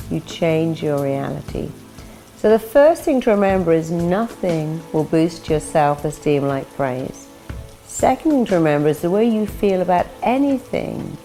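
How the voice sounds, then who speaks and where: A woman giving a self-help talk, quickly acting out the inner voices she describes. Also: lowish voice, mellow. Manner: acts out inner voices in quick quoted asides. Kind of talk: motivational talk.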